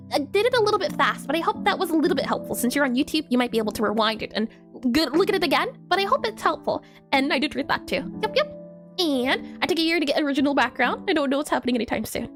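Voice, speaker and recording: A woman's voice: high voice, a bit bright. A woman live-streaming her game coding, thinking aloud as she types, spelling words out and answering her chat in a casual, chatty way.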